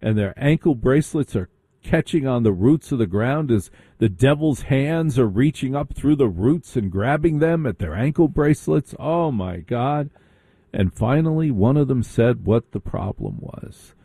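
Dark-voiced man telling a sarcastic story. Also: medium pitch, moderate pace, breathy edge, no echo. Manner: sarcastic, animated, mocking. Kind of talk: comic storytelling.

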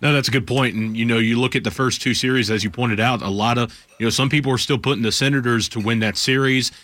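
A man's voice: mid-range voice, steady tone, quick pace, a bit bright. A man hosting sports radio talk, introducing a guest and setting up questions conversationally.

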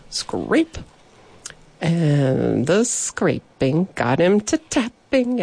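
A woman reading a children's story aloud, slowly and expressively, giving the characters their own voices. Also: fairly low pitch, darkish tone, dry recording.

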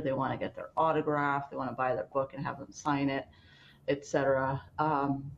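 A woman with a very low voice chats on a radio interview, her talk slow and thoughtful. The sound is slightly dull with a faint hiss behind. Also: darkish tone. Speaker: festival organizer guest. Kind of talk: casual radio interview chat.

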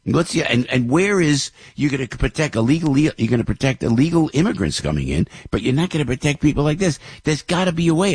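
A man's voice: on the low side, vocal fry, a little mellow, husky, no room sound, clean studio sound. An older man hosting talk radio, rambling through news headlines with opinions, many fillers and restarts. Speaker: radio show host.

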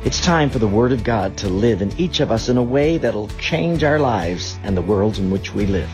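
A male pastor reading a scripted invitation to his church in a warm, inviting way. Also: lowish voice, lively intonation, normal speed, soft background music. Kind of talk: scripted promo.

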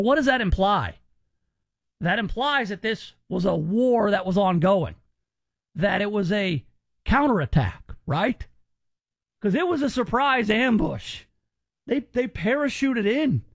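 A man with a fairly high, bright voice hosts a talk radio show. He talks into a studio mic in a loose, emphatic way, often stumbling and restarting his words. The sound is dry and close. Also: no room sound.

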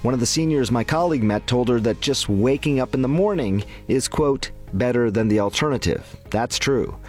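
A man, a doctor, hosting a scripted health segment in a calm, encouraging way. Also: medium pitch, moderate pace, faint music behind.

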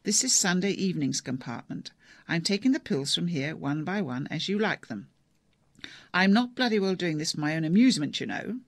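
A woman's voice: on the low side, lively intonation, normal speed, no room sound, studio quality. A narrator voicing a harried woman who looks after her difficult father, her voice rising as she loses patience. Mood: exasperated. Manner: exasperated, raised voice.

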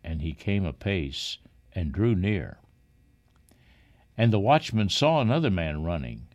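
A man reading scripture aloud in a solemn, measured way. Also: low voice, big pitch swings, a little mellow. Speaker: reader.

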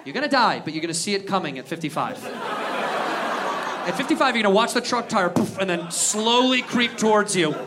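At a moderate pace and in a voice that sits high, an American comedian rants loudly with plenty of profanity, animatedly playing the people he quotes. He's performing stand-up in a club, recorded live over crowd laughter and noise.

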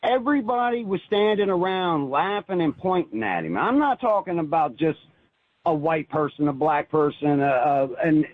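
Man caller, earnest, halting, husky voice, tinny phone line. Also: on the high side, animated, no echo. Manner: earnest, halting, with many restarts. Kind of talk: telling a personal story.

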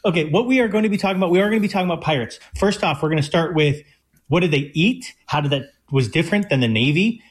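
A young man co-hosting a casual radio food show as a chef, explaining eagerly in quick bursts. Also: on the high side, animated, slightly rough. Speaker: chef and co-host.

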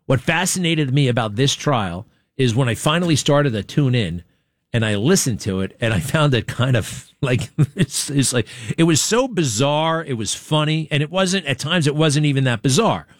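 A man's voice: mid-range voice, no room sound. Rambling man hosting talk radio. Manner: rambling, chatty, asks the studio crew questions. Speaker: radio talk show host. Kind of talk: casual talk radio monologue.

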